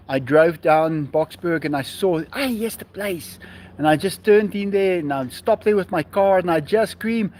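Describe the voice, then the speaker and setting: A man chats slowly and easily on a live stream, reading out viewer comments and replying. His voice sits high, with a lively, rising and falling melody. He talks from outdoors at his home. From South Africa. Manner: reads viewer comments aloud and answers them. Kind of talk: casual live-stream chat.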